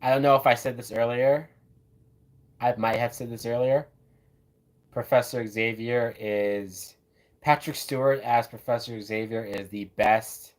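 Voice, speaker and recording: A man's voice: medium pitch, steady tone, unhurried. A man giving casual, loose live commentary while watching a movie, often tossing in "man" and "like". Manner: loose, chatty, says "man" and "like" a lot.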